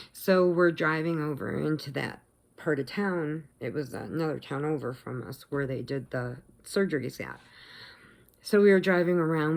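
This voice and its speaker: A middle-aged woman with a notably low voice and a gravelly, fry-laced texture tells a personal story to her viewers. She talks casually and with feeling, jumping into the voices of the people in her story. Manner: animated, emotional retelling, acts out quotes, laughs often. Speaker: vlogger.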